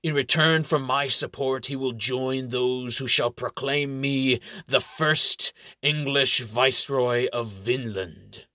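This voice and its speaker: In an audiobook character reading, a man voices a smug, scheming, ambitious middle-aged baron who gloats, lectures, and monologues about his plans. His mid-range voice is pushed and bright, slow with hardly any pauses. The studio sound is clean with no echo.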